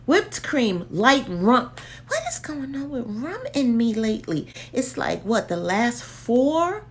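A woman with a fairly high voice, talking slowly in a lively, swooping tone with features. She chats playfully and keeps slipping into hushed whispers. A faint hum sits under the recording. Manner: chatty and playful, often dropping to a whisper. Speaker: candle reviewer vlogger. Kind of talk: casual chat.

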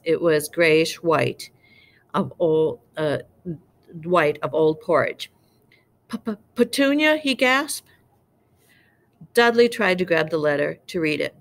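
A woman's voice: deep voice, fairly bright tone. A woman reading a novel aloud, unpolished and stumbling now and then over words. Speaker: reader.

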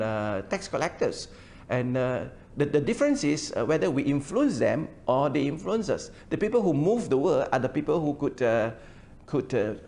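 Older pastor with a gravelly voice. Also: male voice, medium pitch, a little mellow. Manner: frequent hesitations, repeats words, explains verse by verse. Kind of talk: sermon. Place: church.

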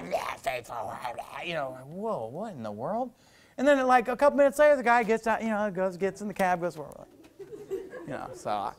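A middle-aged male pastor preaching a sermon, telling stories in a loose, conversational way with lots of "you know". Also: sits high.

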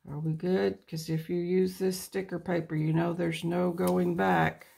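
A woman's voice: fairly low pitch, level tone, a little slow, vocal fry, a little mellow, breathy edge. A woman hosting a plan-with-me video, chatting casually to herself and her viewers as she decorates a planner page. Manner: chatty, talks to herself while crafting. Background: birds chirping outside.

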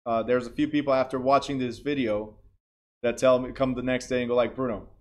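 A man's voice: mid-range voice, fairly even intonation, fairly quick, darkish tone. A man teaching a real estate class in a plain, direct way, often checking that students understand.

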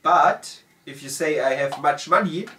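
A German man with a German accent, casually reading out viewer comments in halting, self-correcting English. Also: on the high side, bright, forceful tone, slight background noise. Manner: halting, self-correcting, laughs at own words. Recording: roomy sound from a distant mic.

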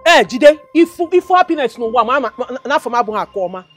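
An actress with a Nigerian accent playing a sharp-tongued fiancée who confronts the man she is to marry, mocking and scolding him in a Nigerian movie drama. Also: high voice, expressive, fairly quick. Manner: mocking, scolding, switches into pidgin taunts. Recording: faint background music score.

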